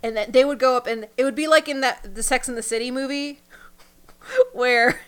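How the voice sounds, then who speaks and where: A woman co-hosting a podcast in casual chat, animated and acting out characters as she talks. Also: high voice, normal speed, clean tone. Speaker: podcast co-host.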